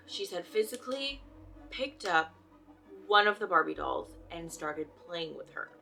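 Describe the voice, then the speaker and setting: Young woman telling a ghost story, gravelly. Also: fairly low pitch. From US Bay Area. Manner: chatty, many "like" fillers, drops to a hush at creepy moments. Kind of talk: casual spoken storytelling. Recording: soft music behind the voice.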